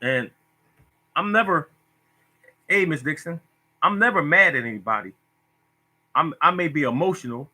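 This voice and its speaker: Man, livestream host on a phone, keeps repeating himself with feeling, slightly high and very bright voice. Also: animated, moderate pace, pauses often. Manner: preachy, repetitive, emotional. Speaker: lottery tips host. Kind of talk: casual Facebook live talk.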